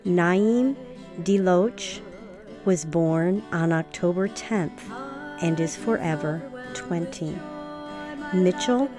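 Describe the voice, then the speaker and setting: A woman hosting a podcast, speaking in a gentle, sincere way as she wraps up an episode. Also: fairly low pitch. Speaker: podcast host. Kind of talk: podcast outro narration.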